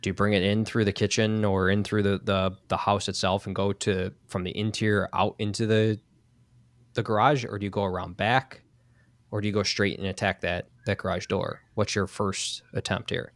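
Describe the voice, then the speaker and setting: A man with a lowish voice, recorded dry and close, calmly poses tactical questions to his co-host. He builds each one step by step. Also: normal speed, no echo. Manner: asks probing what-if questions. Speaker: podcast co-host, firefighter. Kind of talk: casual shop talk about firefighting.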